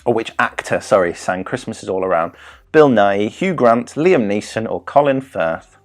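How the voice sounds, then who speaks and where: A lower-pitched man in his thirties runs a home-streamed quiz in a loose, chatty way. He rambles off topic, trips over his words and jokes as he goes. Faint music sits behind him. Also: expressive, normal speed. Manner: rambling, self-interrupting, jokey. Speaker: quiz host. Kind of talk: live-streamed quiz, casual chat.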